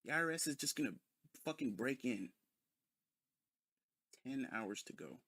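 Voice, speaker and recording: A man's voice: medium pitch, lively intonation, unhurried, fairly bright tone, dry recording, clean studio sound. A man ranting in a sarcastic, mocking commentary full of profanity. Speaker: commentary video host.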